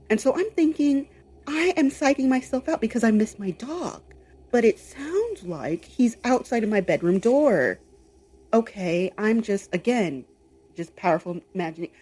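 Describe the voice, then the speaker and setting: A young adult woman co-hosting a podcast, telling a personal story in a casual, animated way. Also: mid-range voice, slightly rough. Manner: animated, lots of fillers and quoted inner voice. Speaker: podcast co-host.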